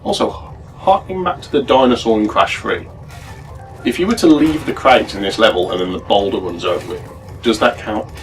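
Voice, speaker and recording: Low-voiced man chatting over gameplay. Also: normal speed. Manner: chatty, explains game mechanics at length. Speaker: let's play co-host. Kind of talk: casual gameplay commentary. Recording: distant mic with game music behind.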